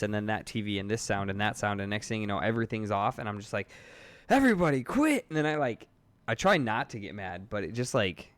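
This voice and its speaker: Podcast co-host, man, lower register, smooth voice, dry close sound, rambling and laughing. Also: no room sound. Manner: rambling, laughing, full of fillers. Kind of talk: casual chat.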